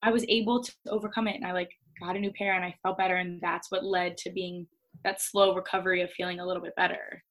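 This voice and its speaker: On a low-quality recording, a young woman with a lowish voice talks fast as a podcast guest. The conversation is casual, and she is candid and animated, saying "like" constantly.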